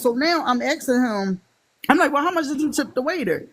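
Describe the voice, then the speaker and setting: Philly woman, raised voice, lively raconteur who acts out every quote. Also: sits high, brisk. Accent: Philadelphia. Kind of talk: casual storytelling chat.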